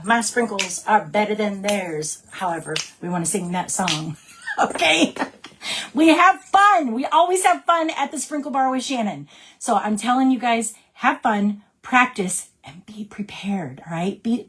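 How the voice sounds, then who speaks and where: Woman who leads a sales team. Mid-pitched, bubbly, casual pep-talk delivery. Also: slight background noise. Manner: upbeat and chatty, keeps checking in with "right?". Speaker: direct sales team leader.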